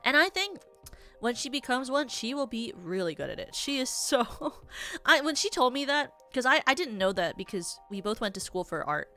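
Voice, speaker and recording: A woman's voice: fairly high pitch, big pitch swings, moderate pace, bright, forceful tone, soft background music. A young adult woman streaming as a VTuber, chatting casually in a rambling, theatrical way with many filler words. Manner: self-described yappy, theatrical.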